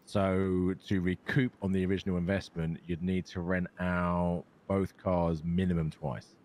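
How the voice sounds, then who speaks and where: A man's voice: low-pitched, little pitch movement, unhurried, a little mellow. A British man chatting in character during a role-play game, matter-of-fact and swearing casually.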